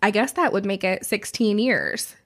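A woman's voice: mid-range voice, normal speed. A woman in her twenties co-hosting a podcast, teasing her friend playfully and laughing as she chats. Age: 20s. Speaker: podcast co-host. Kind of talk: casual chat.

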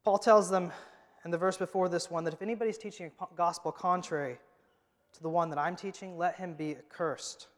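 A man preaching a sermon as the pastor of his church, emphatic and moving from loud to hushed. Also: high voice, fairly even intonation, fairly quick. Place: church sanctuary. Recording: long hall reverb.

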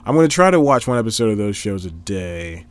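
A man's voice: lowish voice, very animated, a little fast, smooth. Young man, chatty solo vlogger, rambling and self-correcting, laptop mic at home. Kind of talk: casual solo talk. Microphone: laptop microphone.

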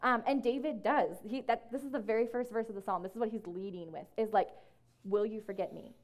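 A woman speaking to a room as ministry staff, casual and conversational with many fillers, slowing down whenever she reads scripture. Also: a little high. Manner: slows down to read scripture. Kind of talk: talk to a group. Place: room with an audience.

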